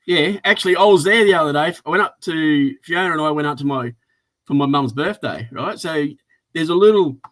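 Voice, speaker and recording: A man with an Australian accent co-hosting a casual chat, telling stories in a blokey, animated way. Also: on the high side, fairly quick. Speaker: co-host.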